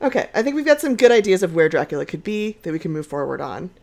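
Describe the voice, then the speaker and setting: Woman steering a lively group chat. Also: on the low side, fast. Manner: organizing, moves the talk along. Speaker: podcast panelist. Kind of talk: joking group chat on a livestream.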